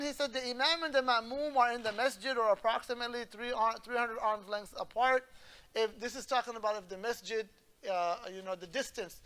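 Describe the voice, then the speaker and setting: A man teaching a religious class as imam, his voice bright and forward. He explains points patiently and keeps pausing to check that his listeners follow along. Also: sits high. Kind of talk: religious lesson.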